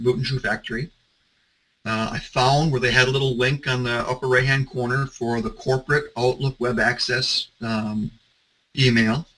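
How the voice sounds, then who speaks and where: Bright-voiced male security presenter. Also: medium pitch, low-quality recording. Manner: conversational storytelling, some restarts. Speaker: security consultant. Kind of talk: presentation talk.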